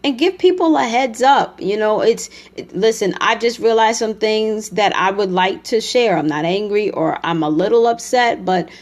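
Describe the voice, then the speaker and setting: Brief: woman coach, direct and emphatic, medium-pitched, lecturing on relationships. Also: normal speed. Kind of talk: motivational talk.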